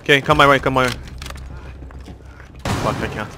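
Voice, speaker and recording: A man's voice: mid-range voice, normal speed, noisy background. A man casually commenting on his own gameplay, chatty and swearing freely, explaining his tricks into a desk microphone. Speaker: gamer and video host.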